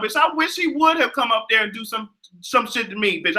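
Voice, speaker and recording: A young man hosting a livestream, delivering a profane, sassy and animated casual rant. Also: very high-pitched, fairly quick. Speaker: livestream host.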